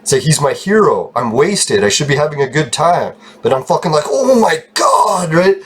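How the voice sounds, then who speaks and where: A man with a slightly husky voice rambles through a story for his channel. He swears constantly and talks with excited energy, laughing as he goes. His pitch sits in an ordinary middle range. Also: fairly quick. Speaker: channel host telling a story. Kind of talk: casual storytelling vlog.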